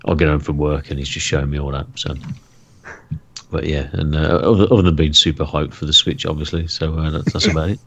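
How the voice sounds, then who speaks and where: A man with a very deep voice and a husky edge chats on a gaming podcast, wandering and restarting as he goes. The sound is a bit dull and muffled. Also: steady tone, a bit bright. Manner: rambling, halting, many restarts. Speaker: podcast co-host. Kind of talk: casual gaming chat.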